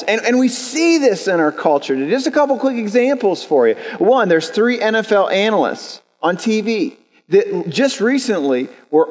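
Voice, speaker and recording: A young adult man with a notably high voice preaches to his church, telling stories in an earnest, conversational way and often repeating a word as he restarts. His voice rings out with a long reverb tail from a large sanctuary. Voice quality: storytelling, earnest, repeats words when restarting. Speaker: pastor. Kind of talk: sermon. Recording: reverberant hall.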